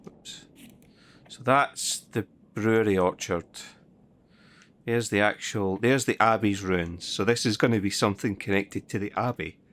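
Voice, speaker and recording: A man's voice: on the low side, measured pace, a bit bright. A man giving casual gameplay commentary, muttering to himself with dry asides and the odd curse. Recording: noticeable background noise.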